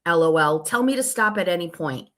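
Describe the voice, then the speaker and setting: A woman's voice: on the low side, expressive, a little fast, a bit bright. A woman hosting her own show, telling a long story in a casual, sarcastic and profane way while reading out text messages. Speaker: show host.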